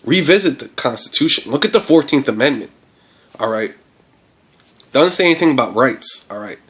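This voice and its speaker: A man's voice: mid-range voice, lively intonation, moderate pace, a bit bright. A man from the United States giving an impassioned, profane monologue as a vlogger, full of fillers and restarts. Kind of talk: ranting monologue to camera.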